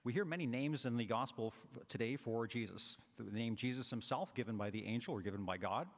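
A man's voice: mid-range voice, brisk. A man preaching a homily as a priest, talking in a conversational way with fillers and asides. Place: large church. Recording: long church reverb.

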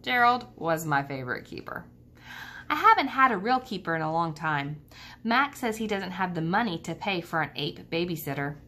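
A woman teacher reading a children's book aloud to students, telling the story in a calm, steady way. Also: on the low side, moderate pace.

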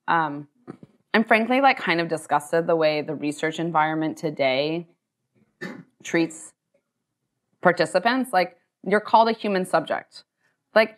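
Fast, chatty businesswoman leader on stage. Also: on the low side, a bit bright. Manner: talkative, quick, full of "like" and "um" fillers. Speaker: company CEO and co-founder. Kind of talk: onstage conversation, answering questions. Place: university lecture hall.

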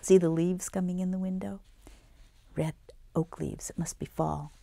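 A woman voicing a kindly, wise male troll with a gravelly voice who talks calmly. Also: on the low side, moderate pace.

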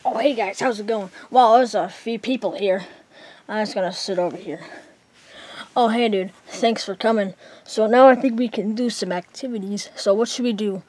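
A woman's voice: mid-range voice, normal speed, a little mellow. A woman narrating and voicing characters in a casual homemade toy skit, rambling with many fillers.

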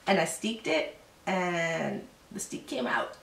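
A woman in her thirties, co-hosting a casual knitting podcast, chatty and quick to laugh, still a little sick. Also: lowish voice, big pitch swings, gravelly, fairly bright tone, distant mic. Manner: chatty, laughing, self-deprecating. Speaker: podcast co-host. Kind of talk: casual chat about knitting. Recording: roomy echo, voice a bit off-mic.

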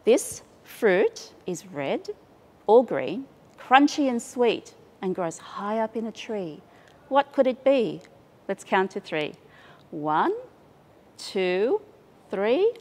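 A woman with an Australian accent hosting a library storytime, reading to young children in a playful, drawn-out way. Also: mid-range voice, very animated, in a large hall.

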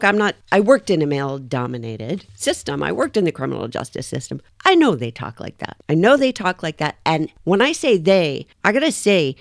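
Woman, middle-aged, low voice, dry recording, emphatic indignant commentary. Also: no room sound. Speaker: reaction video host. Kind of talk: commentary on trial footage.

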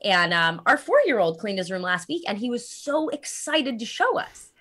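A woman's voice: on the high side, very animated, normal speed, sharp tone. A woman in her thirties, a running coach and guest author, talking earnestly and thoughtfully in casual podcast chat. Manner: earnest, thoughtful, frequent ums.

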